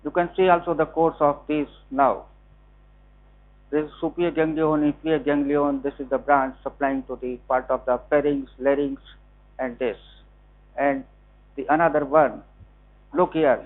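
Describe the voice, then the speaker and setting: A man with an Indian English accent giving a classroom anatomy lecture, slowly repeating key terms. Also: on the high side, flat delivery. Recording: tinny lo-fi classroom recording.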